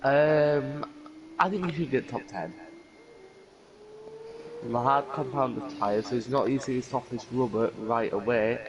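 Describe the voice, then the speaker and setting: A man's voice: mid-range voice, a little slow, long pauses, highs cut off, slight background noise. A man with a Yorkshire accent co-commentating a sim race with laughing, teasing banter. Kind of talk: casual sim racing commentary.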